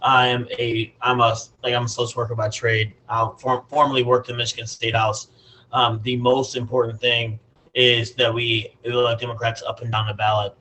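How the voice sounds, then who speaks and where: A man's voice: medium pitch, level tone, moderate pace, sharp tone, low-quality recording. A man, a party community organizer, speaking emphatically on a video call from his laptop. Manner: emphatic, preachy, many fillers.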